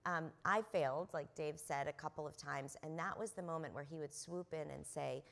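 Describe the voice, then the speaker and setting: A middle-aged woman speaks from a convention stage in a low voice with a gravelly edge of fry. She tells anecdotes earnestly, dotting her sentences with ums and uhs. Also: normal speed, few pauses, fairly bright tone. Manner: earnest anecdotal storyteller with frequent fillers. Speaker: panelist. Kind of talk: conference panel storytelling.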